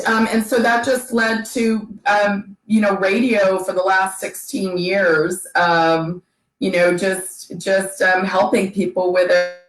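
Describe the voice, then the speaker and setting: Guest, middle-aged woman, slow unhurried delivery, hesitant, roomy echo. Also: mid-range voice. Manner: halting, many fillers and restarts. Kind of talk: casual interview chat. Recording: echoey room.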